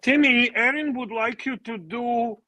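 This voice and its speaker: A man's voice: very high-pitched, a little slow, sharp tone, no room sound. A man co-hosting a casual livestream, playful and teasing. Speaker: livestream co-host.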